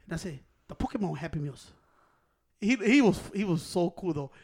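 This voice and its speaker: A man's voice: sits high, lively intonation, moderate pace, a little mellow, husky. A man telling a profane story in casual chat, switching into Spanish and acting out the people in it. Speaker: storyteller among friends.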